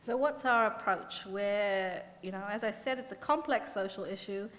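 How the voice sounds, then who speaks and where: A New Zealand-accented woman, an economist on a symposium panel, gives a conference presentation into a podium mic, her mid-range voice moving at a normal speed. She comes across as earnest and self-deprecating, with plenty of fillers and restarts. The conference hall adds a long reverb.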